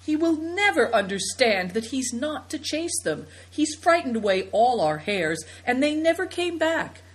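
A woman's voice: sits high, very animated, voice pushed up. A woman reading the part of a passionate young girl who protests with strong feeling, in a storybook. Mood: hushed. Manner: emotional, quick to protest.

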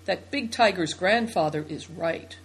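A woman reading the part of an earnest young boy who asks quiet questions, in a storybook. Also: fairly low pitch, measured pace, husky.

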